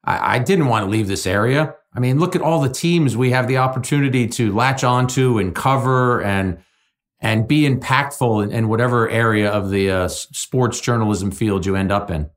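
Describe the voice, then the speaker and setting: A middle-aged man from New Jersey joins a casual podcast chat as a sports journalist. His voice sits in an ordinary middle range, and he talks in a measured, earnest way. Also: medium pitch. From Jersey City, New Jersey. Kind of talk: casual conversation.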